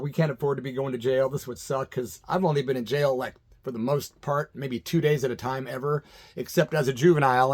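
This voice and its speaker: A middle-aged man from Illinois spins a story from his past, easygoing and chatty. His voice sits a little on the high side, and he chuckles often and slips into other people's voices when he quotes them. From Illinois, USA. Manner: laid-back, laughs often, acts out voices in quotes. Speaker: vlogger telling a personal story. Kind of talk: casual storytelling monologue.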